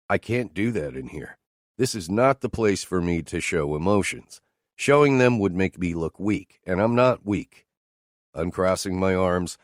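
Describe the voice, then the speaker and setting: A man's voice: sits low, no room sound, clean studio sound. A man reading a romance novel aloud in first person, with a terse, firm, cold delivery. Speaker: audiobook narrator. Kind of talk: scripted first-person narration.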